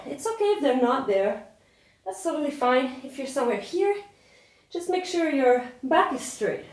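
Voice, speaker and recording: Breathless high-voiced woman yoga teacher. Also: reverberant. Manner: encouraging cues while doing the flow. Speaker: yoga instructor. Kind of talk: guided yoga class instruction.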